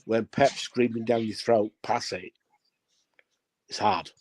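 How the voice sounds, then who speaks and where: Husky man, emphatic. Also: medium pitch, flat delivery, moderate pace, darkish tone. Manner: emphatic, repeats himself. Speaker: guest pundit. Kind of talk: casual football chat.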